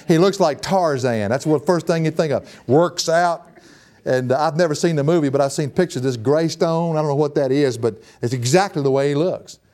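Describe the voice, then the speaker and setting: Folksy preacher, man, warm tone. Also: a little high. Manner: folksy, animated and emphatic, often chuckling. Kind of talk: sermon.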